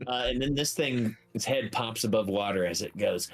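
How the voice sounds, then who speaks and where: Male game master, low and husky, animated narration over faint music. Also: moderate pace. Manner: playful, jokey narration.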